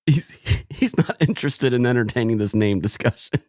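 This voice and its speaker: A man's voice: medium pitch, animated, moderate pace, a little mellow, no room sound, studio quality. A man co-hosting a podcast in casual banter, joking, laughing often and adding theatrical asides. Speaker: podcast co-host.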